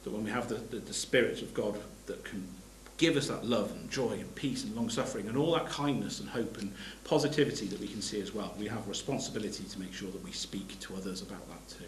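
A man's voice: fairly low pitch, fast, few pauses, echoey room, a little hiss or hum, low-quality recording. A man giving a sermon. He reads scripture aloud and explains it plainly, stopping to restart his phrases. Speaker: preacher.

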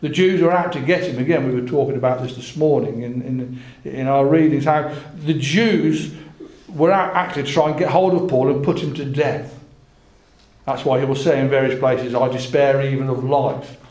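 A man giving a Bible talk, reading scripture slowly and with emphasis between halting, chatty asides. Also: medium pitch, a little mellow, echoey room. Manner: halting, with repeated words. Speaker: preacher.

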